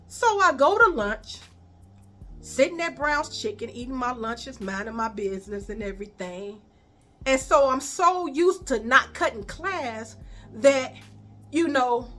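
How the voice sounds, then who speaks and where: A woman with a Chicago accent telling a storytime vlog, animated and profane, talking to viewers as y'all. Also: sits high.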